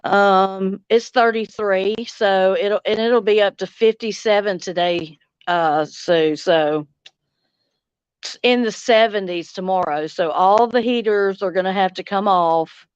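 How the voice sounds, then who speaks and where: A middle-aged woman from Louisiana with a Southern accent, chatting casually on a livestream and reading comments, slow and drawling, laughing often. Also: medium pitch, clean tone, no echo, lo-fi sound. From Louisiana, United States. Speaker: livestream host. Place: outdoors on a front porch swing.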